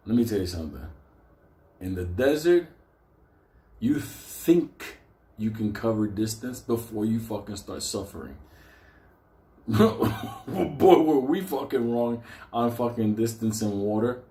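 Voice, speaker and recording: A man's voice: on the low side, expressive, takes it slowly, long pauses, mellow, roomy sound. A man telling a story casually, swearing constantly and laughing between lines. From New York.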